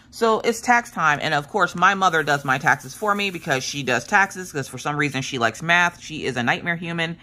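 Animated woman in her 30s, low voice that swings a lot, rambling story chat. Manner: animated, chatty, acts out voices of others in her stories. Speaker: craft vlogger.

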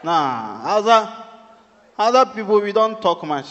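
Ghanaian man, stand-up comedian, slightly high voice, playful crowd work, echoing hall. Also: sing-song, measured pace, fairly bright tone, muffled recording. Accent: Ghanaian English. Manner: crowd-working, playful, switches between English and local phrases. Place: live venue with audience.

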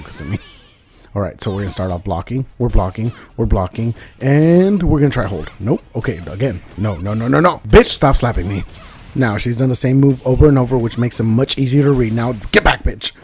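A man giving joking, profane commentary over a fighting game, dropping into mumbled asides and rising into loud outbursts. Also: mid-range voice. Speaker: gaming video host. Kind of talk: casual gameplay commentary.

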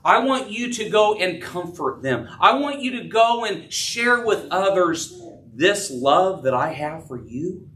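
A man's voice: very animated, a little slow, bright, forceful tone. A man preaching a sermon as pastor, earnest, acting out scripture dialogue in his voice. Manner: earnest, acts out dialogue with rising pitch. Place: church sanctuary. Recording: distant from the mic.

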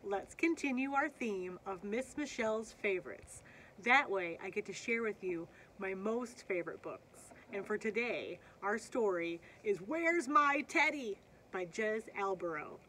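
An American woman reading a picture book aloud at a library story time, slow and expressive. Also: mid-range voice, a little hiss or hum. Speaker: children's librarian.

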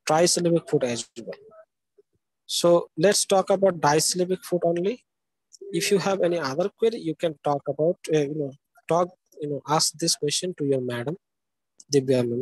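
A man's voice: on the high side, no room sound, rough recording. A man giving a live university lecture. He explains step by step, keeps asking "okay?" and spells out words letter by letter. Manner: explanatory, checks understanding with frequent "okay?".

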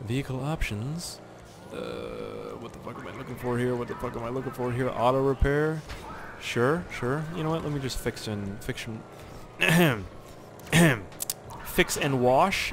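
A young man from Canada giving rambling, profane gameplay commentary with sudden excited yelps. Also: medium pitch, a little slow, gravelly, slight background noise. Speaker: gaming channel host.

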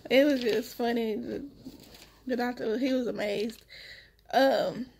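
A woman's voice: on the high side, fairly even intonation, unhurried, vocal fry, darkish tone. A woman vlogger, a week after giving birth, telling her story straight to her viewers in a casual, emotional way. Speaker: vlogger, new mother.

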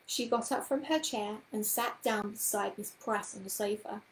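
A woman reading a children's book aloud in a gentle, expressive storytelling manner. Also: mid-range voice, normal speed, roomy sound, slight background noise, poor audio.

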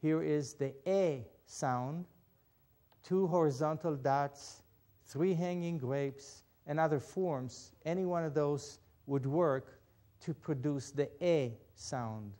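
Man, Hebrew teacher, slightly high voice, very slow, patient, deliberate instructional lesson. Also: warm tone. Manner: patient, deliberate, spells out each step.

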